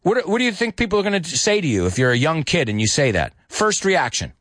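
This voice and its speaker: Man, English teacher, slightly high voice, swooping animated delivery. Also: fast, no room sound, studio quality. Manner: animated, switches between English and Spanish, sings lyric snippets. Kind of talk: bilingual English lesson.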